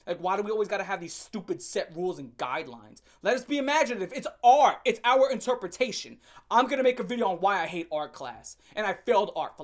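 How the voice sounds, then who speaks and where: A man's voice: a little high, fairly bright tone. Brief: young man, storytime vlogger, brash, crude, joking, rambles. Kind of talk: storytime rant.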